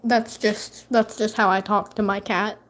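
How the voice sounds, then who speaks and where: A woman's voice: medium pitch, fairly even intonation, unhurried. A woman vlogging at home in casual chat to camera, swearing and teasing her cat.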